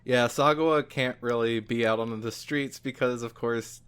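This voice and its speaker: A man's voice: medium pitch, fairly even intonation, normal speed, fairly bright tone, clear, resonant tone. A man co-hosting a casual podcast, talking loosely with many fillers and trailing off mid-sentence. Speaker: podcast co-host. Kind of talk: casual chat.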